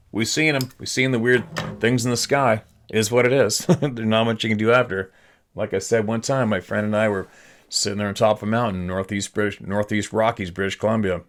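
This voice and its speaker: A man's voice: lowish voice, fairly bright tone. A middle-aged man hosting a podcast, casually rambling through his own stories and reading listener emails aloud, swearing now and then.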